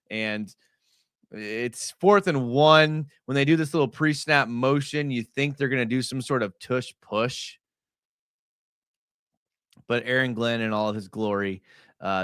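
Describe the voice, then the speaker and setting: A young man hosting a casual live stream. He breaks down game film in a chatty way, full of fillers, and gets excited as he talks. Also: mid-range voice, clear, resonant tone, dry recording, studio quality.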